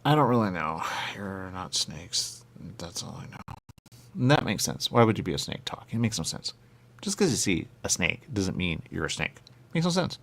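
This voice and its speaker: A man's voice: big pitch swings, moderate pace, vocal fry, a bit bright. A man in absurd comedic banter, arguing in goofy circles. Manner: goofy, circular arguing with big pitch jumps.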